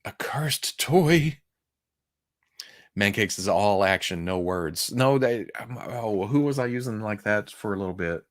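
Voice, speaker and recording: A man's voice: lowish voice, normal speed, hardly any pauses. A man with a Southern US accent, hosting a live show and chatting casually with his viewers, rambling, chuckling often and poking fun at himself. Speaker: podcast host. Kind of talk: casual livestream chat with viewers.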